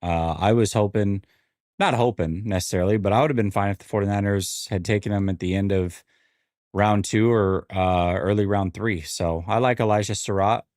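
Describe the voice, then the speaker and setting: A man with a lowish voice hosts a casual sports stream and reacts as events unfold. He rambles, repeats himself and tosses in wry asides. The sound is dry and close, with no room echo. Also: normal speed, a little mellow. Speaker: sports show host.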